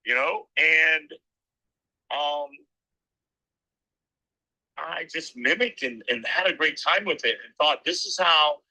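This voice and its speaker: A man's voice: a little high, lively intonation, slow, long pauses, bright, forceful tone, low-quality recording. A middle-aged man who works as a race announcer, telling rambling anecdotes in a casual interview and acting out the lines he quotes.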